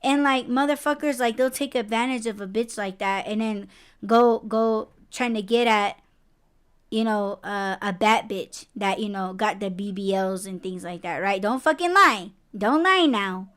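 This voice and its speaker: A woman's voice: medium pitch, moderate pace, clear, resonant tone. A woman hosting a casual podcast conversation. She rants bluntly, swears a lot and breaks into emphatic, rising outbursts. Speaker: podcast host.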